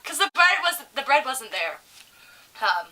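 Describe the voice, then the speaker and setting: Animated young woman telling stories. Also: sits high, a little slow, far from the mic, low-quality recording. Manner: animated, swearing, acts out quoted voices. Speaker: podcast co-host. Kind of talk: casual storytelling chat.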